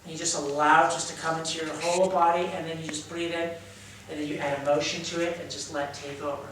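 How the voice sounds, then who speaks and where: Man, drama teacher, animated, acts out emotions, very echoey room, distant mic, faint hiss. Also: fairly high pitch, fast. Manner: energetic, acts out emotions as he explains. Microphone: camera mic from across the room.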